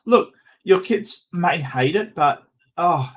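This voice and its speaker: A man's voice: a little high, lively intonation, takes it slowly. A man with an Australian accent hosting a casual livestream, chatting and joking with viewers and often stammering and restarting. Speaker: streamer host.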